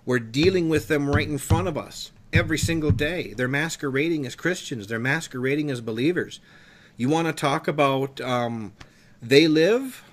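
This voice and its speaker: Fervent preacher man, pitched high. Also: normal speed. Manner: fervent, emphatic, rising in pitch when worked up. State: emotional. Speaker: preacher and show host. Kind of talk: impassioned preaching on a talk show.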